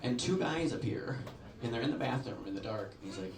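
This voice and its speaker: A man's voice: medium pitch, a little fast. A man in his forties doing a stand-up set in a comedy club, telling stories animatedly and acting out the voices. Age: 40s. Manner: animated storytelling with acted-out voices. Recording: echoey club from far off with crowd.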